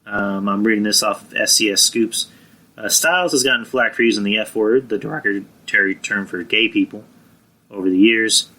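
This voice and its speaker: A man hosts a live stream with a fairly low yet very bright, forward voice. He rambles casually, swears freely, and stops now and then to answer people in the chat. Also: normal speed, poor audio. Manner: rambling, profane, chatting with live viewers. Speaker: podcast host.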